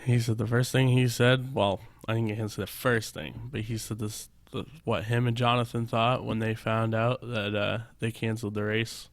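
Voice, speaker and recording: A man's voice: on the low side, little pitch movement, moderate pace, few pauses, no echo. A man joining a casual talk show, giving brief, agreeable replies.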